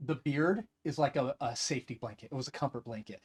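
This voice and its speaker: A man talking as a guest actor in a casual interview, animated and jokey, often acting out little quotes. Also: medium pitch, quick pace, breathy edge.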